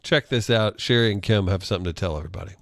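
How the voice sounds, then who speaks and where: A man's voice: lowish voice, rapid-fire, vocal fry, dry recording, clean studio sound. A man who regularly joins the chat show, interjecting and steering the conversation. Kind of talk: casual chat.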